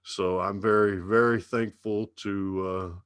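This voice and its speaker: A man in his fifties with a thick Dallas Texas drawl and a lowish voice. He drawls his stories at an easy, unhurried pace and swears casually throughout. The sound is close and dry, with no room around it. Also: fairly even intonation, fairly bright tone, smooth, dry recording. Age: 50s. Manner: slow drawling storyteller, heavy swearing. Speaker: radio DJ guest. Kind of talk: casual podcast interview.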